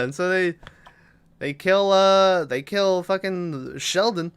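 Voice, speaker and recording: A man's voice: high-pitched, slow pace, a bit bright, clean tone. A man co-hosting a podcast, recapping a movie plot casually, swearing often and giggling. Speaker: podcast co-host.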